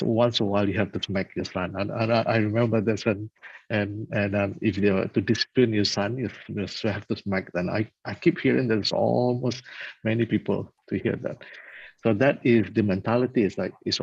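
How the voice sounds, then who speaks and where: Very low, husky-voiced man telling stories. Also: no room sound. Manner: conversational, halting, often checks in with "right?". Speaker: religious talk speaker. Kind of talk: casual religious storytelling talk. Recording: dull lo-fi dry recording.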